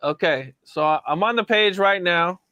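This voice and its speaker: A man's voice: high voice, normal speed, pushed and bright, lo-fi sound, slight background noise. A man interviewing a guest, asking careful questions and checking facts.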